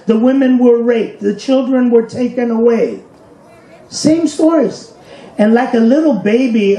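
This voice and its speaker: Speaking in a hall before an audience at a commemoration event, a man with a high-pitched, warm voice tells an emotional personal story. He asks the crowd rhetorical questions and points to pictures, captured on a low-quality, reverberant recording with a little hiss or hum.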